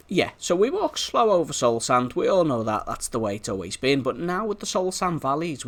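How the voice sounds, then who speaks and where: Chatty Liverpool man with a lively voice. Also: mid-range voice. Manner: chatty, rambling, talks to in-game animals. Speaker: gameplay video host. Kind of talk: casual gameplay commentary.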